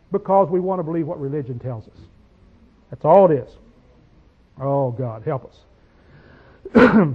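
A man with a high voice delivers a homespun sermon. He reads scripture in slow, drawn-out phrases, then breaks into quick conversational asides and rising declarations. The recording sounds dull and lo-fi. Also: big pitch swings. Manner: folksy, call-and-response asides, swings from quiet to loud. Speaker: preacher.

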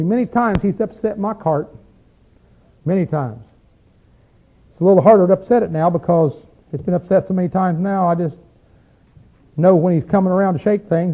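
Male preacher, high-pitched and folksy, asks the room rhetorical questions. Thin phone-like recording. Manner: rises into loud, drawn-out chanting when acting out crowds in the text. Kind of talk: conversational sermon with scripture reading.

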